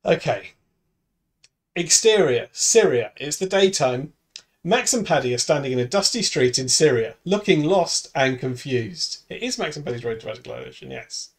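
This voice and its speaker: A man's voice: medium pitch, expressive, moderate pace, vocal fry. A man streaming, reading out a script's stage directions in a casual way with friends. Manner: reads stage directions aloud, bursts into laughter.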